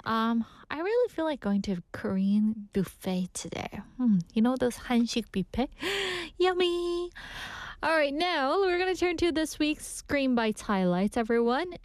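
A woman with a fairly high voice hosts an English lesson, with a lively, upbeat delivery. Her pitch swings widely from phrase to phrase. The sound is close and dry, with no room echo. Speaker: radio English teacher. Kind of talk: scripted lesson presenting.

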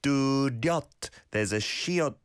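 A man's voice: mid-range voice, measured pace, smooth, no echo, studio quality. A British man hosting a radio show, casually explaining words and patiently repeating them for listeners to practice. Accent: British English. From United Kingdom. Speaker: radio host teaching Korean. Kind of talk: casual radio talk with language teaching.

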